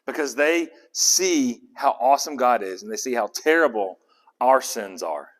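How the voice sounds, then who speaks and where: A man leading a casual Bible study, animated and conversational, often asking the group questions. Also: mid-range voice, normal speed.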